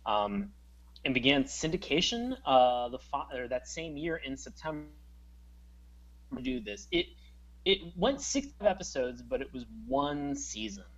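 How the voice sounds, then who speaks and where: A man's voice: a little high, sing-song, unhurried, a bit bright, muffled recording. A man co-hosting a podcast, talking casually and rambling with many fillers. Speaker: podcast co-host. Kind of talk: casual chat.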